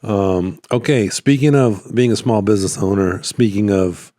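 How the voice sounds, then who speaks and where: A man vlogging about his small business in a rambling, relaxed way, his voice a little worn. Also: lowish voice, moderate pace, no room sound, clean studio sound. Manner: rambling, relaxed, lots of fillers and restarts. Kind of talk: casual talking-head vlog. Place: at home by his computer. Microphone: phone.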